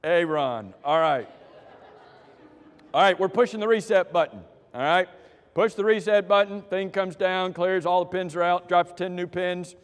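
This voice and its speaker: A man's voice: high-pitched, normal speed, clean tone, long reverb tail. A man leading a church class through quiz questions, joking with the people who answer and calling on them by name. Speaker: Bible class teacher.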